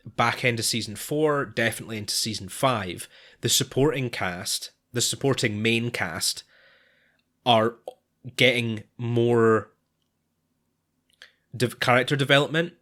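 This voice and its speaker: A man's voice: mid-range voice, a little slow, a bit bright. A man co-hosting a podcast in casual chat, talking hesitantly with frequent restarts and sighs. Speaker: podcast co-host.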